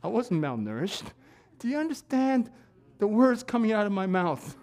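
Man preaching, shouting then quiet asides. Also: sits high, sing-song, moderate pace. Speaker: pastor. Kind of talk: sermon. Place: church.

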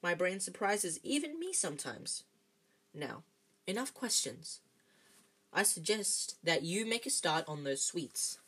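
A woman voicing an elderly male headmaster wizard, whimsical and dreamy, in a gentle musing manner. It is a read-aloud storybook voice. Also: lowish voice, big pitch swings, measured pace, breathy edge, heavily acted.

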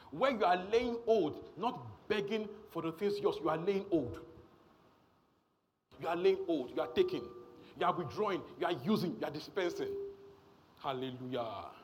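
A man's voice: on the high side, slight background noise. A man preaching a sermon, emphatic and repetitive, often checking in with the congregation.

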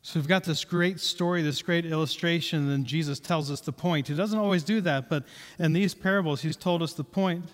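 A man's voice: fairly high pitch, a little fast. A man preaching a sermon in a conversational way, repeating key points for emphasis. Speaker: pastor. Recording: reverberant hall.

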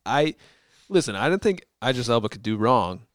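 A man's voice: mid-range voice, moderate pace, clear, resonant tone, no echo. A man co-hosting a podcast, chatting casually and profanely about a movie, often slipping into mocking impressions. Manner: animated, profane, mimics movie characters. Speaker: podcast co-host.

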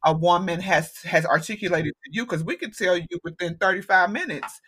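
A woman's voice: on the low side, lively intonation, brisk, a bit bright, slightly rough. A woman hosting a podcast, talking frankly and casually, with some swearing. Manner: frank and plainspoken, with mild cursing. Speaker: podcast host.

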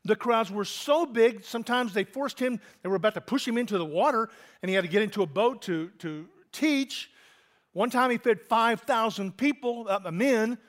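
A man with a notably high voice delivers a sermon in a relaxed, conversational way. He is a middle-aged pastor who keeps turning to his listeners with direct questions. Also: moderate pace. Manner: conversational, asks the congregation questions.

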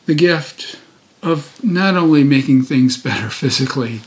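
A man's voice: a little high, expressive, a little slow. A deacon in his sixties giving a chatty, informal daily gospel reflection, full of fillers and restarts.

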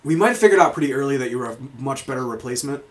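A man's voice: medium pitch, lively intonation, racing. A man hosting a podcast, chatting casually and rambling through stories with frequent swearing and laughter. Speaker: podcast host. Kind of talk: casual chat.

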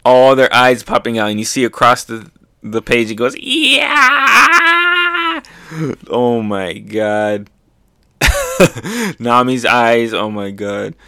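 Young man, excitable comic reactor, unhurried delivery, dry close mic, laughs and sound effects. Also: fairly low pitch, smooth, no room sound.

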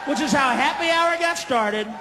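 A man doing a stand-up comedy routine, ranting and swearing, breaking into shouted impressions. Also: animated, normal speed. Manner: profane, ranting, shouts into high-pitched impressions. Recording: live hall with audience, faint crowd noise.

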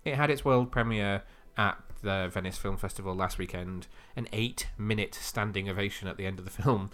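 A man's voice: fairly low pitch, moderate pace, a bit bright. A man co-hosting a casual comic book podcast, chatty and teasing, often laughing. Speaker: podcast co-host.

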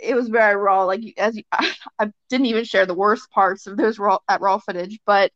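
A young woman talks casually as a podcast guest, at a middle pitch. Her talk is loose and full of fillers and quick acted-out quotes. The recording is dry and a little dull. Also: fairly even intonation, a bit bright, dry recording. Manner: chatty, filler-heavy, often acts out quotes. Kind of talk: casual chat. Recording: dry, slightly dull sound.

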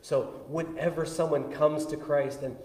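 A man pastor preaching a conversational sermon, swinging between loud bursts and hushed asides. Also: on the high side, fairly even intonation, a little slow. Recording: echoey hall with long reverb.

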